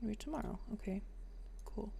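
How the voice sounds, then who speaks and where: Gravelly-toned woman streamer chatting casually. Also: medium pitch, moderate pace, a little hiss or hum. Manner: chatty, playful, with excited outbursts. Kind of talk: casual chat to stream viewers.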